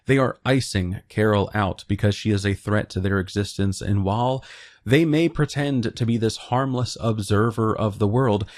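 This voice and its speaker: A man's voice: lowish voice, moderate pace, darkish tone. A young man hosting a video essay, giving opinionated commentary with joking asides. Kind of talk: casual commentary.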